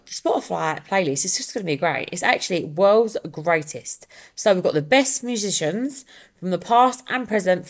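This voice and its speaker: A woman's voice: on the low side, gravelly. A young adult woman hosting a casual solo podcast, chatty and upbeat with rambling asides. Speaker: podcast host.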